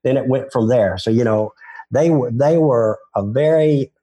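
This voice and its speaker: With a warm, mid-range voice that has a breathy edge, an older Memphis man with a Southern accent speaks at a moderate pace. He's a former touring golf pro, and in this casual interview he spins meandering stories that make fun of his own golf career.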